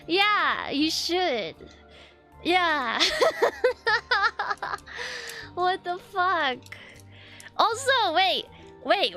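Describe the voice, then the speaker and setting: A woman's voice: high voice, bright, forceful tone. A young woman streamer chatting casually, flustered and rambling, swearing often. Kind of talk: casual live-stream chat.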